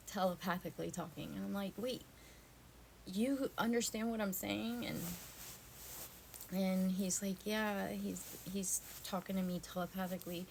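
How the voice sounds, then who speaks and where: A woman telling a personal spiritual story in an earnest, halting way, sometimes dropping to a hushed near-whisper. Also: mid-range voice, vocal fry, a little hiss or hum. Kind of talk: casual personal testimony.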